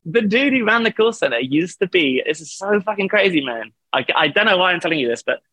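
A man's voice: high voice, big pitch swings, quick pace, bright, forceful tone, no room sound. A man telling a long, rambling story in a casual interview over a video call, laughing often and swearing. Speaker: band vocalist, guest.

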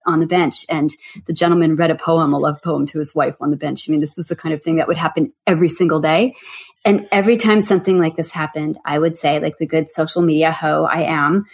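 Lively, low-voiced woman author. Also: fast talker, husky. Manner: animated storyteller. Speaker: author guest. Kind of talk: casual interview chat.

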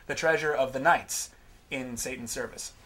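A man's voice: mid-range voice, normal speed, pushed and bright, breathy edge. A man guesting on a podcast, sarcastic and rambling as he talks. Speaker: guest actor. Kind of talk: casual chat.

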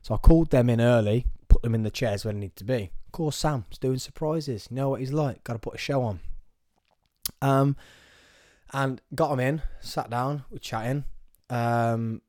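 Young man, solo studio vlogger, animated storyteller, dry close mic. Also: mid-range voice, normal speed, dry recording. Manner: chatty and animated, playful storyteller. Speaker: podcast host. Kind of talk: casual solo vlog to camera. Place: small studio.

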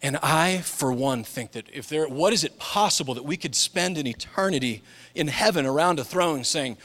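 A pastor in his forties preaches an animated sermon in church at a moderate pace. He drops soft and low, then jumps into loud, high impressions.

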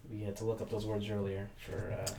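A man's voice: fairly low pitch, completely flat delivery, a little fast, creaky, background noise. A man co-hosting a casual gaming podcast, answering in a dry, sarcastic way. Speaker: podcast co-host.

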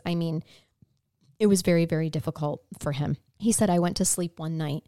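A woman's voice: low-pitched, mellow, no room sound, studio quality. A woman co-hosting a casual true-crime podcast, telling the story plainly and with feeling, swearing now and then. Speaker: podcast co-host.

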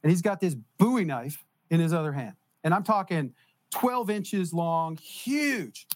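A man telling a story in casual conversation as a podcast guest, animated and laughing as he goes. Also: on the high side, unhurried.

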